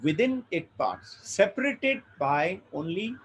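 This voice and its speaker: A man's voice: high voice, sing-song, takes it slowly, fairly bright tone, breathy edge, low-quality recording. A man giving a spiritual lecture, explaining ideas through stories and rhetorical questions. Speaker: spiritual teacher.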